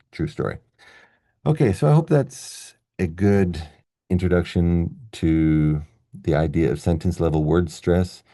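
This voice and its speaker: Male pronunciation teacher, very low and dark voice, relaxed and chatty, exaggerates stressed words when demonstrating. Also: a little slow, dry recording, clean studio sound. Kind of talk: online pronunciation lesson.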